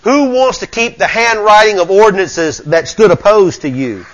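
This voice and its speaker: Preacher, high and bright, folksy, swings quiet to loud. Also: male voice, expressive, moderate pace, hardly any pauses, rough recording. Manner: fervent, folksy, swings from low murmurs to shouting. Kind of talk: sermon.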